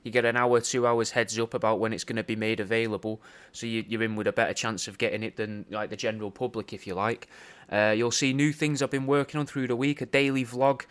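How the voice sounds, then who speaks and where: A man's voice: medium pitch, flat delivery, quick pace, smooth. A man hosting a podcast, rambling through a sweary, mock-conspiratorial comedic rant and calling the listener mate. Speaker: podcast host.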